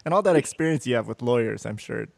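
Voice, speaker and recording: Male podcast co-host, gravelly voice, quick to laugh, eager questioner. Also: mid-range voice, animated, dry recording. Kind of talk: casual chat interview.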